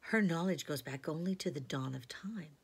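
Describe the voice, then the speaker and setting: A woman reading aloud and voicing Aslan, a great wise male lion who speaks slowly and solemnly. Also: low voice, breathy edge, full character voice.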